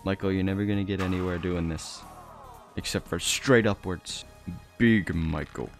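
A young man doing game commentary as a gaming YouTuber, excitable, laughing often and crying out in surprise. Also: low-pitched, normal speed, faint music behind.

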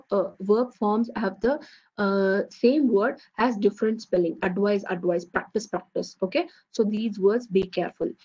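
A woman teaches an online lecture, stopping often to check in with "okay". Her voice is mellow and a bit husky. The audio is dull and lo-fi. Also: medium pitch. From India. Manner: explanatory, repeats "okay" to check understanding.

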